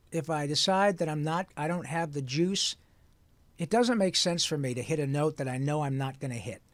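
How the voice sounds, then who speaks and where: Lively older man telling stories. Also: fairly high pitch, no room sound. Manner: lively, breaks into sung lines and quoted voices. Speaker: guest voice actor. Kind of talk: animated interview storytelling.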